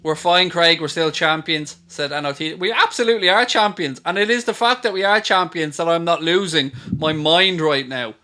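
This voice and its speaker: A man's voice: on the high side, fairly quick, few pauses, sharp tone. A man hosting a live football watchalong stream, ranting and swearing at trolls with sarcasm.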